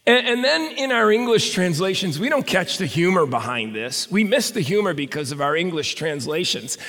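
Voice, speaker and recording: A man's voice: high voice, big pitch swings, normal speed, fairly bright tone. A male pastor preaching a sermon in a conversational way with stammered restarts, recorded in a reverberant hall.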